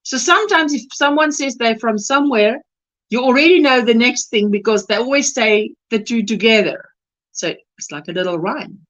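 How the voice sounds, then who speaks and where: A woman's voice: fairly high pitch, moderate pace, a bit bright, dull audio. A South African woman hosting a casual crochet livestream, chatting and laughing as she reads out viewer comments.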